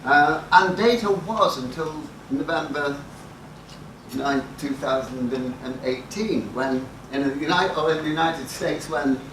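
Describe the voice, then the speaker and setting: A man's voice: on the high side, a little slow, a bit bright. An older man giving a talk to an audience, telling wry, profane anecdotes from his career in a dry, self-mocking way. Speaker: conference speaker. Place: lecture hall with audience. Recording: echoey hall, mic at a distance, noisy.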